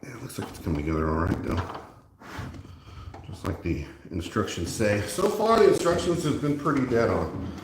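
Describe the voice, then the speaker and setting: A man's voice: fairly low pitch, sing-song, moderate pace. A man hosting his own build video, talking to viewers in a casual running chat with jokey asides while he assembles a cabinet. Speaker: maker and video host. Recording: echoey room with faint noise and clicks.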